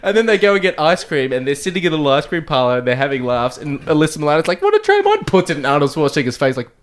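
A man co-hosting a casual podcast chat, retelling film scenes with animated energy and laughter. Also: fairly high pitch, racing. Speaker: podcast co-host.

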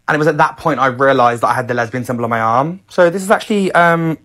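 A young man in his twenties, chatty and self-mocking as he tells a casual story. His voice sits in an ordinary middle pitch for a man. The clip is played into a radio show. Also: fast, fairly bright tone. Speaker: caller sharing a story.

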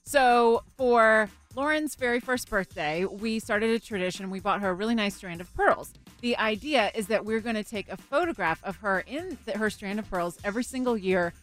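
A woman in her thirties co-hosting a radio show, chatty and quick to laugh as she tells a family story. Her voice sits at a middle pitch, with faint music under it. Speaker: radio co-host. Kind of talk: casual radio chat and timed storytelling.

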